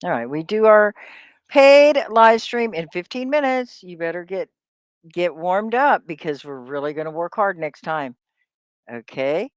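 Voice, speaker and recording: Animated woman teaching English. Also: on the low side, measured pace, clean tone, dry recording, clean studio sound. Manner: stretches out sounds to model them, chatty asides. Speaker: ESL teacher. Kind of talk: live-streamed English lesson.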